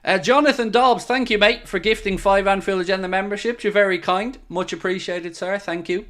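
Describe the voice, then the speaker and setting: A man runs a live football watchalong stream, talking in a fairly high voice. He chats loosely with viewers and thanks supporters by name. He gets louder and more excited whenever the action on the pitch picks up. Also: fairly quick. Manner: excitable, swings between chatty asides and loud bursts at goals; reads out and answers viewer messages. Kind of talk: live casual commentary and chat.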